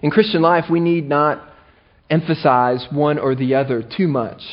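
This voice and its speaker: A male pastor preaches in a fairly high voice, animated and playful, breaking into self-mocking asides. The recording is dull and lo-fi, with a muffled top end. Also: normal speed. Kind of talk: sermon.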